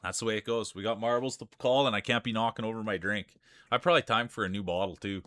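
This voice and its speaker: A man's voice: fairly low pitch, fairly even intonation, fast, a bit bright. A man with a Canadian accent giving chatty play-by-play commentary on a live stream. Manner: chatty play-by-play with frequent laughs.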